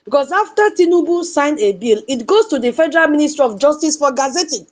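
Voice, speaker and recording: High-voiced Nigerian woman commentator. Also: lively intonation, quick pace. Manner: impassioned, repeats points, asks rhetorical questions to her audience. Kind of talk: political commentary monologue.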